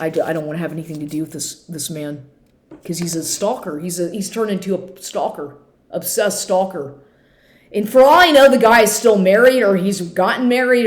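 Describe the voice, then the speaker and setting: A woman in her fifties ranting angrily to camera at home, swearing often and restarting her sentences. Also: mid-range voice. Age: 50s. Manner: heated, swearing, repetitive restarts. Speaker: vlogger. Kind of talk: angry profane rant to camera. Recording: echoey room.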